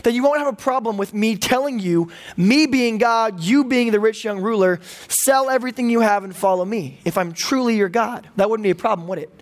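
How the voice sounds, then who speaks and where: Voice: mid-range voice, fairly quick, hardly any pauses, close to an everyday voice. A preacher voicing an exasperated, sarcastic Jesus in a sermon retelling, incredulous and wry. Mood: pointed. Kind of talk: sermon retelling with acted quotes.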